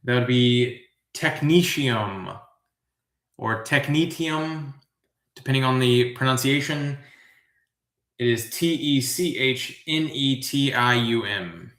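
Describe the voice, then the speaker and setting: A man with a mid-range voice hosts a live trivia show, reading the questions at an unhurried, drawn-out pace. He wanders into relaxed musing asides between answers. The sound is roomy and echoey. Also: mid-range voice. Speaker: trivia host.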